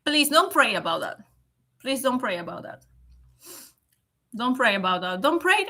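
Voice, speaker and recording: A woman on a casual live stream, answering comments, emotional and close to tears, speaking in a measured way and often asking "okay?". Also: high-pitched, sharp tone. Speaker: livestream host.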